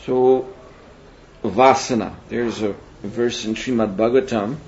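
A man's voice: medium pitch, steady tone, darkish tone. Man lecturing on a dull, hissy recording. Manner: measured, reflective, frequent hesitations. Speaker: seminar teacher. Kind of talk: spiritual lecture. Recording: dull lo-fi recording with faint hiss.

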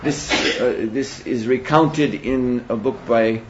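A man teaching a spiritual seminar in a measured, reflective way, often pausing to hesitate. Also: mid-range voice. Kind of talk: spiritual lecture. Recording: dull lo-fi recording with faint hiss.

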